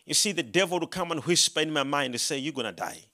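A man preaching a sermon, telling his own story with animation, acting out his prayers and rising to loud, emphatic proclamation when he quotes scripture. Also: fairly high pitch, fast.

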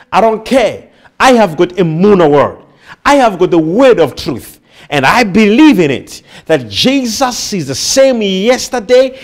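Male preacher, high and lively pitch, emphatic, repetitive, call-and-response. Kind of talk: sermon.

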